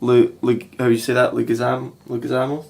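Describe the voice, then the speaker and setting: A man's voice: medium pitch, little pitch movement, moderate pace. A young man co-hosting a casual podcast, hesitant and stumbling over names. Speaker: podcast co-host. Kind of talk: casual film chat.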